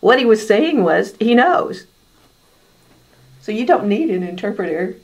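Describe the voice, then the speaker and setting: A woman's voice: mid-range voice, measured pace, highs cut off. A woman co-hosting a writing podcast, talking animatedly and jumping in often. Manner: animated, interjecting. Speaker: podcast co-host. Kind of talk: casual panel discussion.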